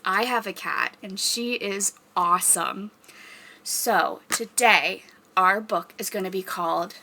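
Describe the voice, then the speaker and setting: Animated sing-song young woman teacher. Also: medium pitch. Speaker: children's story time leader. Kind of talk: practice story time reading for small children.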